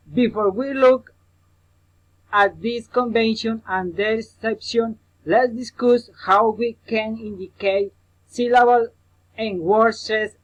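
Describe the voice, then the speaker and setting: A high-voiced man leads a pronunciation lesson for English learners, repeating sample words at a slow pace and treating the listener as his pupil. It's a rough recording.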